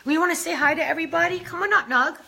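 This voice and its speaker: Bubbly high-voiced woman hosting a livestream. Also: racing, vocal fry, bright, forceful tone. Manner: chatty, greets viewers by name. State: a little out of breath. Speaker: beauty brand host. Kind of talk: casual livestream chat.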